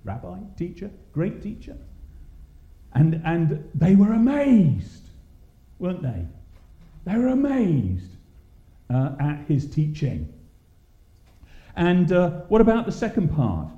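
Man leading Bible study, animated delivery, dark tone, echoey muffled hall. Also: on the high side, slow pace, long pauses. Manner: asks the group questions, many fillers. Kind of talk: interactive church Bible study. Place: church hall.

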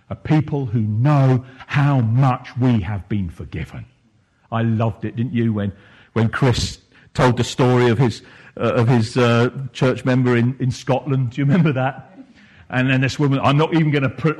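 A man's voice: mid-range voice, moderate pace, darkish tone. A man preaching a sermon, reflective and questioning, rising at times into impassioned bursts.

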